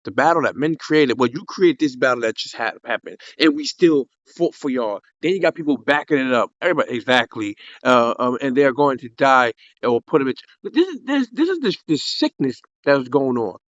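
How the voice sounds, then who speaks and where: A man's voice: mid-range voice, big pitch swings, fairly quick, hardly any pauses, no room sound. A man hosting an online talk room, worked up and swearing, stumbling through restarts as he makes his point. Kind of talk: heated opinion talk. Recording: dry, dull lo-fi online audio.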